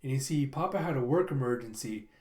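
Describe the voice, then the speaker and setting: A host reading a manga aloud with quick, casual commentary and frequent laughs. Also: medium pitch, lively intonation, a little mellow. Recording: roomy echo.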